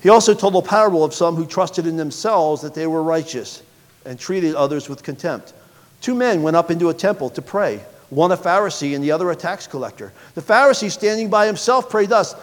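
Man preaching, fairly high voice, dramatic rises and drops, long hall reverb. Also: animated, fairly quick. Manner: preaching with sharp swings in pitch and volume. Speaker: pastor. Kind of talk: sermon.

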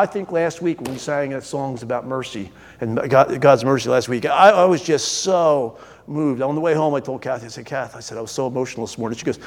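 High-voiced pastor preaching in a reverberant church. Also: male voice. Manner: earnest, rising to emphatic peaks then dropping low. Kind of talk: sermon. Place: church sanctuary.

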